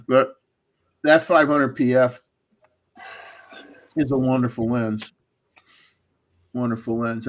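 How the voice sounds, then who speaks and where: A man hosting a photography livestream, chatting casually and reading out viewer photo details. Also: medium pitch. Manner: relaxed, chatty, reads out camera settings. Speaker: livestream host. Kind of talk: casual chat.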